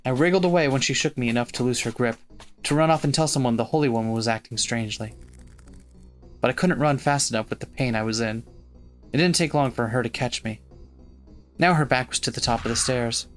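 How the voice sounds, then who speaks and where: A man's voice: mid-range voice, a little fast, soft background music. Man reading game text aloud. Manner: steady first-person reading of game text. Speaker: let's play host. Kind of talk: reading visual novel narration aloud.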